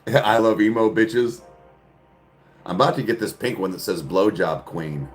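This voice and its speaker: A man's voice: lowish voice, measured pace. A man hosting a casual podcast chat, rambling in a crude, joking way and laughing often. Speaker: podcast host. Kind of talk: casual chat answering viewers.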